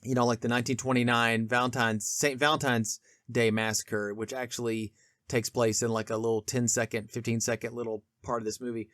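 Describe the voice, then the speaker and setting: A man's voice: mid-range voice, level tone, fairly quick, a bit bright, no echo, clean studio sound. A man co-hosting a casual film discussion podcast, rambling with many restarts and fillers. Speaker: podcast co-host.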